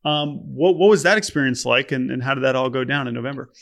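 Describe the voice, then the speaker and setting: A man's voice: mid-range voice, fast talker, gravelly, a bit bright. A man co-hosting a sports podcast, asking questions in a playful, casual way. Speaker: podcast co-host. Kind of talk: casual interview chat.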